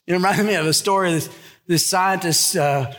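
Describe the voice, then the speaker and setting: Man, pastor, sermon, emphatic, storytelling, high voice. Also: moderate pace, a bit bright.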